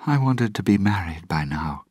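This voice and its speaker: A man's voice: animated, normal speed, darkish tone, slightly rough, dry recording, studio quality. A man voicing a proper, principled young woman in a read-aloud storybook, speaking earnestly in a raised voice. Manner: earnest, reproachful, raised higher.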